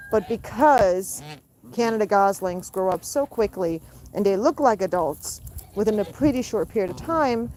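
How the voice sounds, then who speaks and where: A woman hosting a pet goose channel, explaining bird behavior patiently and breaking into high cooing baby talk with her birds. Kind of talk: casual narration to camera. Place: outdoors in a backyard with poultry. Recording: outdoor noise clearly audible.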